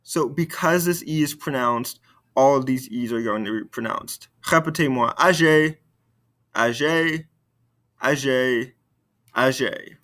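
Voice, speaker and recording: A man teaching a recorded French lesson, slowly modeling words for students to repeat. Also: mid-range voice, fairly bright tone. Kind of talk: recorded video lesson with repetition drills.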